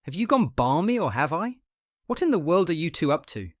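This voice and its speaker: A man reading aloud, voicing a weak, bewildered bedridden man who snaps and shouts in irritation. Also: medium pitch, slow pace, no echo, studio quality. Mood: furious. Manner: furious outbursts, snapping and shouting. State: weak from illness.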